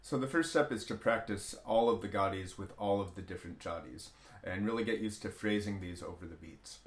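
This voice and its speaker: A man's voice: deep voice, a little fast. A man teaching a music lesson, explaining rhythm step by step with frequent hesitations. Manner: chants rhythm syllables in steady counted patterns. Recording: roomy echo.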